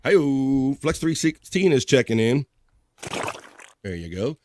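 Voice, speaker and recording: A man hosting a live stream in casual chat, reading viewer messages aloud with upbeat, profane shout-outs. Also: mid-range voice, sing-song, slow, a little hiss or hum.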